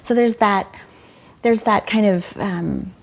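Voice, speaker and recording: A woman's voice: mid-range voice, takes it slowly, gravelly, slight background noise. A middle-aged woman, a former doctor, telling frank, emotional stories in an interview and quoting people as she goes. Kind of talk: candid conversational storytelling.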